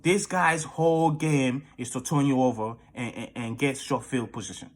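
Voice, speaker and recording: A man's voice: medium pitch, normal speed. A young adult man giving a hyped, profane, trash-talking fan preview of a football game. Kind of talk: hyped fan video commentary.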